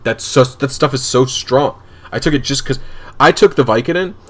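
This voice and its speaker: A man's voice: medium pitch, normal speed, a bit bright. A man casually telling rambling, laughing anecdotes while streaming a game. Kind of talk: casual storytelling on a live stream.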